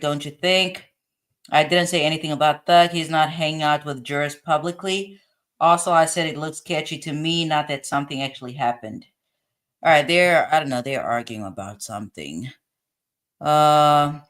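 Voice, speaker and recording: A woman's voice: sits low, a bit bright. A woman hosting a casual live stream, reading chat comments aloud and laughing often as she chats.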